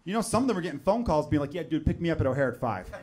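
On a comedy club stage, a male stand-up comedian delivers his set into a handheld mic over background noise. His voice is slightly high for a man, and he's very animated and rapid-fire. His easy, conversational chat keeps erupting into loud, over-the-top voices for the characters in his stories.

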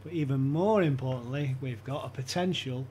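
A man's voice: medium pitch, normal speed, a little hiss or hum. A man telling a casual anecdote on a podcast, acting out quoted lines as he goes. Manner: animated anecdotes with quoted voices and laughter. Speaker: podcast guest. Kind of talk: casual storytelling chat.

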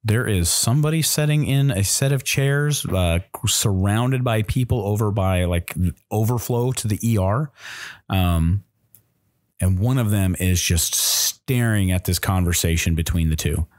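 A man's voice: on the low side, unhurried, dry recording, clean studio sound. A man narrating as game master in a tabletop game, explaining rules and describing scenes with frequent restarts.

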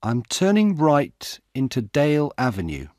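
A man voicing a steady young policewoman. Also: medium pitch, measured pace, dry recording, studio quality, voice pushed up. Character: female undercover police officer, young, calm.

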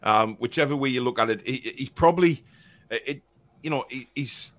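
A man's voice: medium pitch, normal speed, a bit bright. A man hosting a casual live fan show, chatty and laughing, reading out viewer comments with plenty of fillers and restarts. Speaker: fan podcast host.

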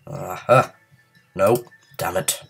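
A man's voice: low-pitched, slow, creaky, fairly bright tone, soft background music. A man who is ill, giving let's play commentary while playing a game, frustrated and muttering curses at it. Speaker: gaming channel host.

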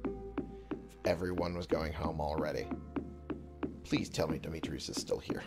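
A man's voice: extremely low pitch, measured pace. A man giving casual gameplay commentary, muttering and swearing to himself in frustration. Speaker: let's play gamer. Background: game music.

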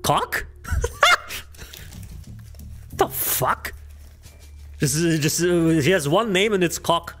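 A man with a high, bouncing voice, talking through a live stream in an excitable rush that keeps tripping over words and swearing. He drawls his words slowly. Faint music plays under him. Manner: excitable, swears often, stumbles over names. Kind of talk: casual live-stream commentary.

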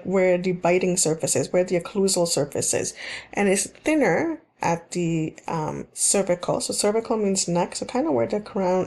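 A woman's voice: mid-range voice, mellow. A woman teaching dental hygiene in a recorded slide lecture, explaining in plain terms and repeating key points, with frequent ums and restarts.

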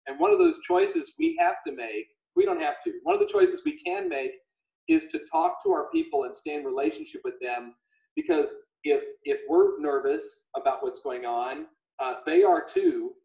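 Male livestream host, lively and gravelly, echoey lo-fi room sound. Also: high-pitched, moderate pace. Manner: animated, retells stories with quoted voices. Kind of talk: casual video call chat. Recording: echoey room, dull lo-fi audio.

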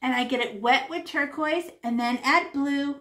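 A woman's voice: high voice, normal speed, fairly bright tone. A woman art teacher leading a live painting class over a video call, chatty and chanting repeated words as she paints.

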